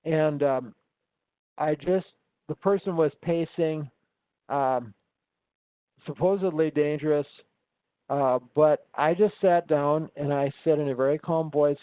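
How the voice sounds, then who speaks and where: A man with a slightly raised pitch talks casually over a tinny, phone-like call. He rambles through his stories, full of ums and false starts. The sound is dry and close, with no room around it. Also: fairly even intonation, measured pace, no room sound. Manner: rambling storyteller, many ums and restarts. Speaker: instructor. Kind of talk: casual conversation.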